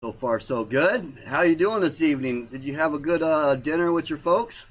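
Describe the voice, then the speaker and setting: A man's voice: fairly high pitch, moderate pace. Rambling man hosting a livestream. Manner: rambling, repeats himself, trails off. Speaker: livestream host. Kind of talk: casual livestream chat.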